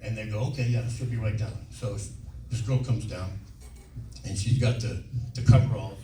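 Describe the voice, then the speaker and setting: A man's voice: lowish voice, warm tone. A man in his sixties telling rambling, profane anecdotes with frequent laughs as a guest on a convention panel. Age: 60s. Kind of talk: casual storytelling on stage. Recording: echoey hall, distant mic, faint hiss.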